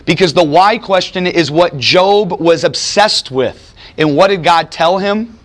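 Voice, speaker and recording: Male preacher in the middle of a sermon, higher-pitched, emphatic, slows down to drive points home. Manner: animated, emphatic, rhetorical questions, slows for emphasis. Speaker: preacher teaching a Bible study.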